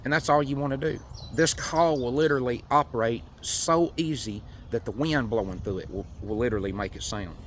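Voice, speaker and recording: A man from Tennessee gives a folksy, unhurried demonstration of hunting calls, with frequent fillers. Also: mid-range voice, a little hiss or hum. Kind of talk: outdoor how-to demonstration.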